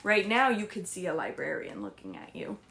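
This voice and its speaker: A woman librarian reading picture books aloud to young children in a sing-song, animated storytelling voice, often asking them questions. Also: lowish voice, normal speed, creaky. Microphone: streamed live.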